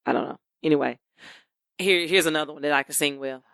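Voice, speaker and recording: A woman's voice: sits low, vocal fry, no echo, studio quality. A woman co-hosting a podcast, chatting playfully and breaking into gospel songs. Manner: playful, sings church songs slowly and loudly. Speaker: podcast co-host. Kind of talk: casual chat, singing gospel snippets.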